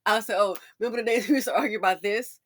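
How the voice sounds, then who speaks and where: A middle-aged woman hosting commentary, sassy and folksy, telling stories with lots of laughter. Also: racing. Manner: animated, acts out quotes in a high excited voice, laughs often. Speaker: commentary channel host. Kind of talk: casual commentary and storytelling.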